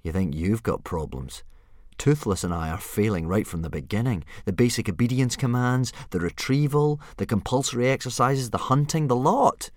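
A man's voice: low-pitched, lively intonation, normal speed, no echo, studio quality. A man voicing an earnest, worried young boy who trains a dragon, pleading and often exasperated. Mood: gloomy. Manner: pleading, rising into frantic shouts.

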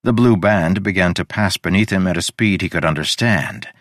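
A man narrating a fantasy audiobook in an expressive, varied storytelling delivery on a close studio mic. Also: low-pitched, moderate pace, no room sound.

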